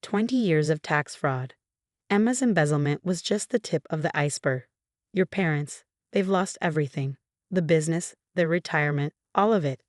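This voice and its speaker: A steady, somber man calmly lays out bad news in this audio story, as a woman narrator reads him. The voice sits low and the sound is close and dry. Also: normal speed, dry recording.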